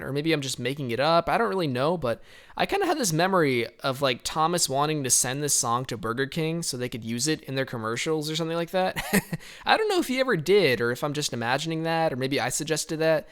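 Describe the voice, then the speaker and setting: A man's voice: a little high, fairly bright tone, clear, resonant tone. A young man giving casual, rambling commentary on his band's album, laughing often and hedging with fillers.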